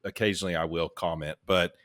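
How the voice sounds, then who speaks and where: A man's voice: low-pitched, fairly even intonation, quick pace, a bit bright. A man on a casual podcast, talking in a weary, resigned way. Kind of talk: casual chat.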